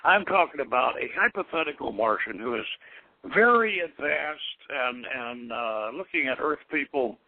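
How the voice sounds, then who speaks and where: An older man hosts a call-in radio show on occult philosophy, his medium-pitched voice lively in intonation and moving at a normal speed. He rambles and repeats words as he muses, chuckling often. The sound is dry and tinny, like radio over a phone line.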